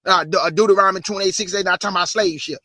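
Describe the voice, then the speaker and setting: High-voiced, fiery street preacher man. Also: steady tone, very fast, dry recording. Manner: blunt, streetwise and combative; rising to forceful emphasis. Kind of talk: fiery sermon with scripture reading.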